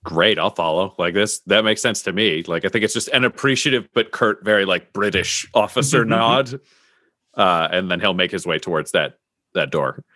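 Male player, low, dry close mic, relaxed. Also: moderate pace, no room sound. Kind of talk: playing a tabletop game.

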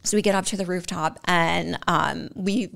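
A young woman with a fry-tinged, slightly low voice tells a story in easy, chatty talk. She fills her lines with "like" and slips into hushed whispers whenever she quotes someone. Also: steady tone, normal speed. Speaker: guest. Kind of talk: casual storytelling.

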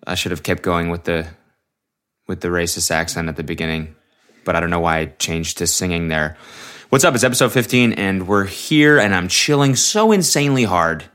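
A man's voice: deep voice, expressive, moderate pace, fairly bright tone. A young man hosting his own podcast alone, rambling in a laid-back, self-mocking way into a mic while wearing headphones. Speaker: podcast host. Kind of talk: casual solo podcast chat. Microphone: headphones on, studio mic.

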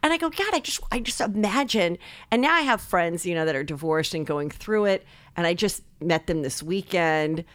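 A middle-aged woman, a comedian, telling animated stories full of fillers and swearing, acting out other people's voices. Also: on the low side, normal speed, dry recording. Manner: many filler likes. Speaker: guest comedian. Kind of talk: casual storytelling chat.

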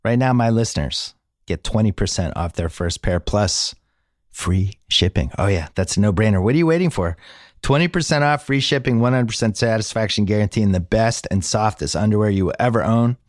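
A man's voice: fairly low pitch, brisk, no echo, clean studio sound. A man hosting a sports podcast, reading an ad and chatting in an easygoing way with his guests. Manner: easygoing, conversational. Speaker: podcast host. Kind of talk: casual chat and host-read ad.

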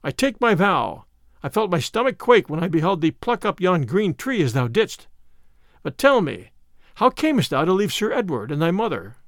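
A man's voice: sits high, sing-song, moderate pace, no room sound, clean studio sound. A man voicing a proud, bruised male outlaw leader in a storybook reading, speaking in hearty, archaic phrases.

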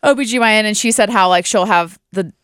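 Young woman cohost, jokey and playful, smooth voice, dry close mic. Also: medium pitch, fast, fairly bright tone, no echo. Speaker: podcast co-host. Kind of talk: casual chat.

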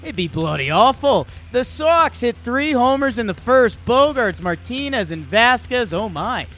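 A man putting on a British accent to read a brisk over-the-top game recap like a sportscaster. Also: very high voice, big pitch swings, bright, forceful tone, faint music behind, pitched above the performer's own voice, heavily acted. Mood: hammy, excited. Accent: put-on British.

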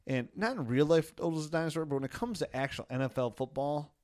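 A man's voice: on the high side, expressive, fast talker, a little mellow, no echo, studio quality. A man hosting a casual sports podcast, joking around and slipping into silly voices now and then. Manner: jokey, puts on silly voices for players. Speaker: podcast host.

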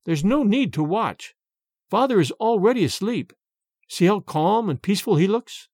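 A man voicing a gentle young woman who speaks softly and coaxingly. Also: sits high, expressive, normal speed, dry recording, studio quality, pitched above the performer's own voice. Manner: soft and coaxing. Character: gentle young woman, soft-spoken daughter.

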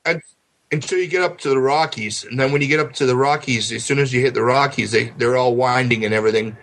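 A man's voice: mid-range voice, fast, a bit bright, rough recording. A man chatting casually on a podcast, rambling through anecdotes full of fillers and acted-out quotes. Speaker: podcast guest. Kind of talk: casual chat.

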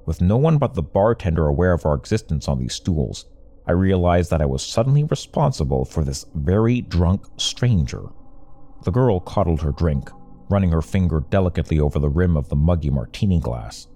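A man's voice: low voice, expressive, brisk, warm tone. A young man telling a first-person story in a wry, conversational way. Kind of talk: storytelling narration.

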